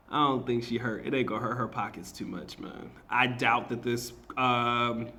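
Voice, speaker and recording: A man's voice: mid-range voice, a bit bright. A man, a marketing teacher, giving a slangy, casual reaction commentary, emphatic and often laughing.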